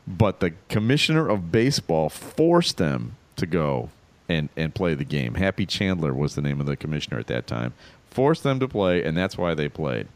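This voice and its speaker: A man co-hosting a casual comedy podcast, telling stories in a wry, animated way. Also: very deep voice, normal speed. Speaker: podcast co-host.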